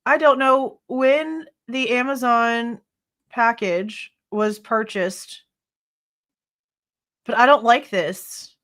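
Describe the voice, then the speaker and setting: A woman's voice: on the high side, drawn-out words, long pauses, a bit bright. A woman hosting a live true crime stream, reading court documents aloud and ranting in exasperation, swearing freely. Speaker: true crime livestream host.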